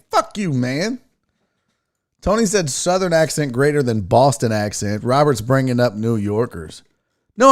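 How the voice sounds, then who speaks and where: A man from the American South hosting a casual sports talk livestream, brash and profane, joking and chatting with his viewers. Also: fairly high pitch. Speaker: sports talk show host.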